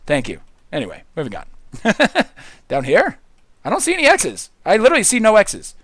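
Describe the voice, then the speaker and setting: A high-voiced man chattering through a game livestream, his pitch leaping wildly from squeals down to low mutters. He is hyper and goofy, shouting at monsters one moment and muttering to himself the next. The sound is close and dry, with no room around it. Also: wildly swooping pitch, brisk, gravelly, dry recording. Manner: hyper and goofy, swings from loud squeals to mumbled asides. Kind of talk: excitable gaming livestream chatter.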